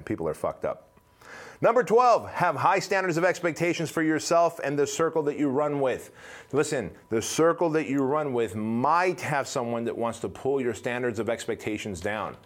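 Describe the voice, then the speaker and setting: A man delivers a motivational talk in blunt, profane language. He tells his story emphatically, his voice jumping up high and loud on the key moments before dropping low again. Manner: blunt, profane, emphatic storytelling with big swings in pitch and loudness. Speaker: motivational speaker.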